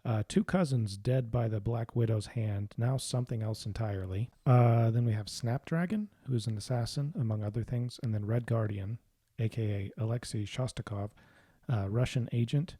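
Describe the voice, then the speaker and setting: A man co-hosting a comic book podcast, working through the characters in laid-back casual chat. His voice is mellow and a little husky. The sound is dry and close. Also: medium pitch, moderate pace, no echo. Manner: laid-back, listing things with fillers. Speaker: podcast co-host.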